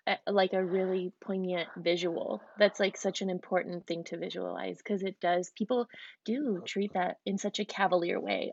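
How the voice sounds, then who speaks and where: A woman's voice: fairly even intonation, normal speed, creaky, darkish tone, no echo. A woman hosting a podcast, listening closely and reflecting back on what her guest says. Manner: reflective, backchannels a lot. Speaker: podcast host. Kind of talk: empathetic interview talk. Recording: muffled low-fidelity audio.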